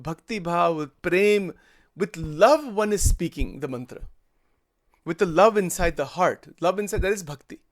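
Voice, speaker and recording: Man, spiritual teacher, high voice, explanatory discourse with frequent restarts. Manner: explanatory, repeats words, switches between English and Hindi. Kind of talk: daily satsang discourse.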